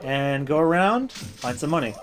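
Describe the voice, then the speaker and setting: A man's voice: a little high, very animated, normal speed, noisy background. A man hosting a let's play, giving casual, joking and sarcastic gameplay commentary. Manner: joking, sarcastic, swears freely.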